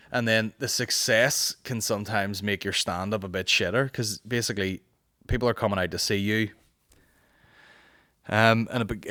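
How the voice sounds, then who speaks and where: A man's voice: lowish voice, a bit bright, no room sound, clean studio sound. A man with a Northern Irish accent hosting a casual podcast, rambling and swearing while answering listener questions. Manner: rambling, profane, with quick mocking impressions. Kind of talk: casual chat.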